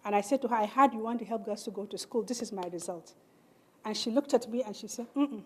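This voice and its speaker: A middle-aged Nigerian woman gives a keynote speech in a large hall, her fairly high voice fairly quick and slightly rough. She tells her life story earnestly and animatedly, acting out the people in it through quoted dialogue.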